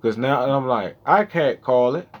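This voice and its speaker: A man in his thirties with a slangy, swearing manner, talking casually and straight to his viewers in a rambling monologue, at times mumbling low and at times getting loud. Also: expressive, unhurried. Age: 30s. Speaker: vlogger. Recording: dull lo-fi sound.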